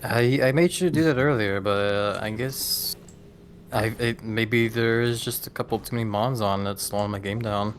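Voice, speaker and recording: Laid-back male co-player, low voice, casual swearing. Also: moderate pace, slight background noise. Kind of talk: casual gaming chat.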